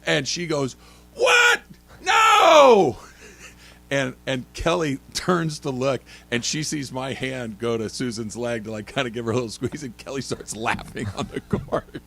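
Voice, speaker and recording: A middle-aged man hosting a sports talk radio show, telling animated stories and acting out loud shouts. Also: medium pitch, moderate pace, vocal fry, hardly any pauses, faint music behind. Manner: animated storytelling, mimics shouts. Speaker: radio host.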